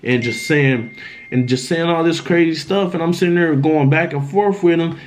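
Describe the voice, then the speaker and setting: Animated young man telling a story. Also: on the high side, moderate pace. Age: young adult. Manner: animated, emphatic retelling with slang. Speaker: vlogger. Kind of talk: storytime vlog.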